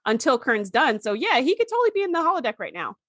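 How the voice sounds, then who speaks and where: A woman co-hosts a relaxed podcast chat. She recaps scenes with a lively, bouncing pitch that sits a little high. Her voice is recorded dry and close. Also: fast, dry recording. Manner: animated storytelling, acting out characters' lines. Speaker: podcast co-host. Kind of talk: casual chat recapping an episode.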